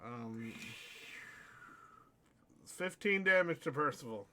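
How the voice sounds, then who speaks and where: A man's voice: fairly high pitch, lively intonation, takes it slowly, noisy background. A tipsy man running a casual tabletop game as game master, joking and laughing often. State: tipsy from drinking.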